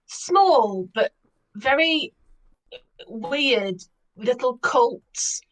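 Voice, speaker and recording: High, lively woman, slow and drawn out. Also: rough recording. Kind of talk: casual chat.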